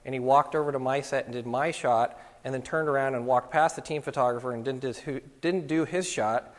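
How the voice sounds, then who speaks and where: Recorded with the long reverb of a lecture hall, a middle-aged man with a mid-range voice speaks a little fast. He's giving photography students a casual talk built on anecdotes, acting out the lines people said.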